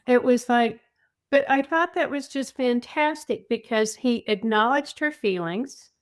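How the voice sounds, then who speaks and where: An older woman, a podcast guest, chatting about caregiving and telling lively stories with voiced quotes. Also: a little high, measured pace. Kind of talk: conversational storytelling.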